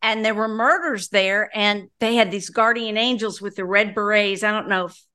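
A middle-aged woman from Indiana, a radio broadcaster, telling an animated, self-mocking story in an interview with bursts of laughter. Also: medium pitch, moderate pace, clean tone, no echo. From Indiana, USA.

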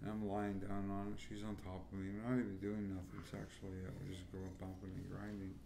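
A man's voice: deep voice, monotone, a little fast, vocal fry, mellow. A man telling crude, rambling stories in a casual podcast chat. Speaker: podcast co-host. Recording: echoey room with noise.

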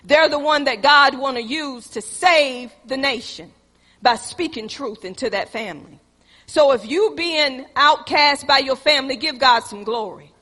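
A woman preaches in a high, bright voice, rising to loud exhortation and dropping to hushed storytelling. She calls her congregation "y'all." Her voice rings through a reverberant hall. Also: a little slow. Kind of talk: sermon with personal storytelling.

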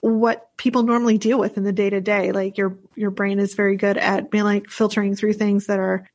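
A woman's voice: medium pitch, little pitch movement, brisk, darkish tone. A woman co-hosting a casual true-crime podcast, musing aloud with many fillers and loose, rambling sentences. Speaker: podcast co-host.

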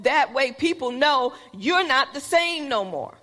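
A woman's voice: high voice, expressive, unhurried, sharp tone, big-room sound. A woman preacher giving a sermon in an earnest, plain-spoken, conversational way.

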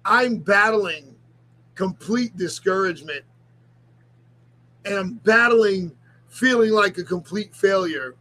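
Middle-aged ministry leader, confessional vlog, halting and near tears, speaks high. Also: male voice, pushed and bright, low-quality recording. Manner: halting, repeats himself, restarts sentences. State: on the verge of tears.

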